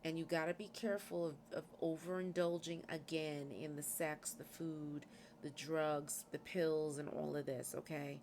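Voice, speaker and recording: A woman's voice: low-pitched, fairly even intonation, moderate pace, a little mellow. A woman tarot reader speaking casually to her viewers, often checking in with "okay?" as she gives advice. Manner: conversational, frequent "okay?" check-ins. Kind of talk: casual spiritual reading to camera. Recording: faint background noise.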